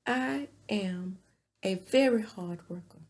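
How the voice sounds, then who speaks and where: A woman's voice: medium pitch, slow pace, darkish tone, voice pushed up. Woman mimicking a haughty rich lady. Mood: indignant. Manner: indignant, boastful. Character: haughty rich woman defending her glam.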